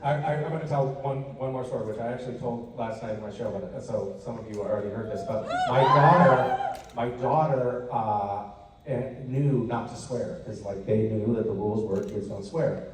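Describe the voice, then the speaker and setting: Guy telling a funny story onstage, middle pitched voice, heard from far back in a really echoey hall. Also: normal speed, slight background noise. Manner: animated storyteller, jumps into high voices for quoted lines. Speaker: convention panel guest. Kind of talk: casual storytelling on stage. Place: large convention hall, recorded from the audience. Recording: echoey hall audience recording from afar.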